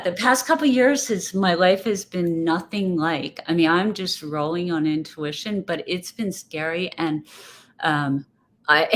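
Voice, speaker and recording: A woman guest speaking in a casual interview, reflective and rambling, often restarting her thoughts. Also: on the low side. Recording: faint background noise.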